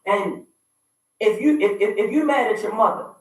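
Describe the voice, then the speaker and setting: 30s guy on a talk show, highish voice, really echoey room far from the mic, keeps hammering his point. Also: normal speed. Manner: emphatic, repetitive, raises voice to make points. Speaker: radio show host. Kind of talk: opinionated relationship talk.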